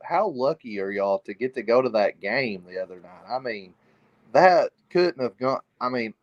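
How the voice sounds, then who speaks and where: A man's voice: medium pitch, animated, moderate pace, no room sound. Easygoing man on a dull call line. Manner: friendly, easygoing, speaking quietly. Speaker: caller. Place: small bathroom at night.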